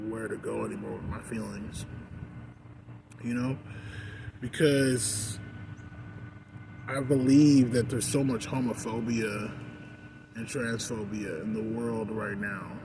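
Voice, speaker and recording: A man's voice: mid-range voice, vocal fry, noisy background. A man venting in a casual vlog rant, rambling with many fillers, recorded outdoors in a park. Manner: rambling, frequent "like" and "you know". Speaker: vlogger. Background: outdoor ambience and passing vehicles.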